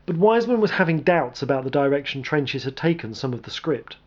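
A man reading a military action story aloud as narrator, in a steady, even delivery. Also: on the high side, a little fast, highs cut off.

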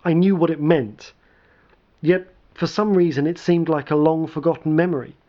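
A man narrating a first-person story in a measured, dramatic way. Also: on the high side, mellow. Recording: dull lo-fi recording.

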